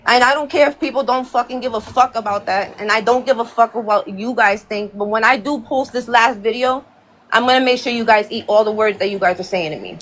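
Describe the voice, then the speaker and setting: A woman rants on a livestream in a heated, profane way. She circles back and repeats herself as she goes. Her voice sits a little high for a woman. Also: fairly quick, fairly bright tone, low-quality recording. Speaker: livestream host. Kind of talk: angry livestream rant.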